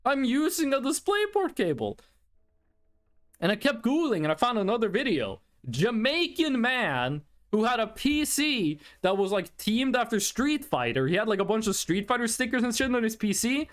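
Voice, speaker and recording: Young male streamer, high voice, animated delivery, loose rambling storyteller at a desk mic. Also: normal speed, hardly any pauses. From Norway. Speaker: livestreamer. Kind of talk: casual chat with chat.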